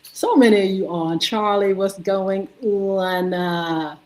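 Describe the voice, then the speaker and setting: Woman hosting a live stream, slow unhurried talk, reading off viewer names one by one. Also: mid-range voice, rough recording. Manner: slow, warm greetings, sounding out viewer names. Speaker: host. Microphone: streaming setup.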